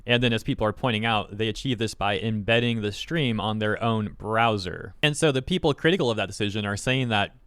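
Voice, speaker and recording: A man's voice: lowish voice, a bit bright, clear, resonant tone, no room sound, clean studio sound. A man giving casual, skeptical commentary as a YouTube host, reading posts aloud and picking them apart. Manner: skeptical, wry, quick commentary.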